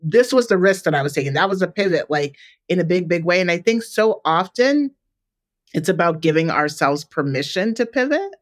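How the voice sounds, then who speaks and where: Woman telling a reflective personal story. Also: low-pitched. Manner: reflective storytelling, heavy use of "like" and "you know". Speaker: podcast co-host. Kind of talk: casual chat.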